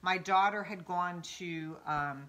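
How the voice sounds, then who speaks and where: Bright-voiced, chatty middle-aged woman. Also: fairly low pitch, slow. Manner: chatty and enthusiastic, addressing viewers directly. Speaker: quilter and channel host. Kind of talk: live-stream craft chat. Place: home sewing room in Arizona.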